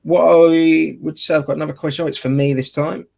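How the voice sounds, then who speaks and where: A man's voice: on the high side, fairly even intonation, a little fast, vocal fry, darkish tone. A man with an Essex accent, chatting casually as a wedding photographer and podcast co-host, jokey and full of fillers and restarts. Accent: Essex English.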